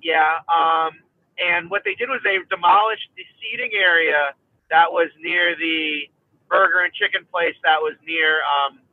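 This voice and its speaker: A man with a higher voice talks in a rambling way, full of pauses and fillers, hiccuping as he goes. His voice comes over a tinny, phone-like line with a dry, close sound. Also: no room sound. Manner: rambling, many fillers and restarts. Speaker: guest. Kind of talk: casual chat.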